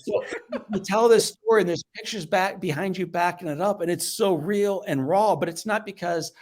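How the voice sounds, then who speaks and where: A middle-aged man from the Midwest, a motivational speaker and podcast guest, telling a personal story in an animated way, hushing low and then getting loud. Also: normal speed. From American Midwest. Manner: animated storyteller, acts out voices and swings from hushed to loud.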